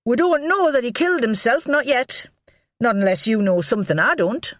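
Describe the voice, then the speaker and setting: A woman's voice: fairly high pitch, animated, normal speed, no echo, pitched above the performer's own voice, lightly acted. A woman reading an audiobook, voicing a shrewd middle-aged police inspector with a dry, needling way of talking. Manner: dry, needling and mock-innocent. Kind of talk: audiobook character voice.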